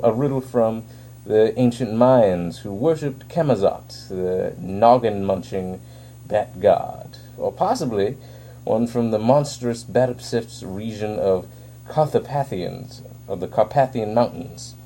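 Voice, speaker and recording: A man's voice: mid-range voice, lively intonation, slow, warm tone, slight background noise. A man putting on a gleeful theatrical male villain. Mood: gleeful taunting. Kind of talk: reading comic dialogue aloud.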